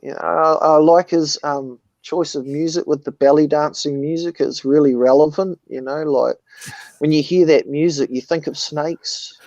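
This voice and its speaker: A man's voice: a little high, fairly even intonation, moderate pace, a little mellow, no echo, lo-fi sound. A man rambling through a funny story in casual chat, swearing as he goes.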